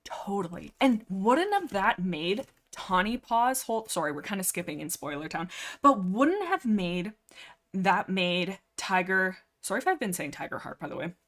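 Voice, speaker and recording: A woman's voice: mid-range voice, big pitch swings, normal speed, a bit bright. Rambling young woman livestreaming. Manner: rambling, restarts and apologizes. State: a bit breathless from nerves. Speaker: livestream host. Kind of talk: casual livestream chat.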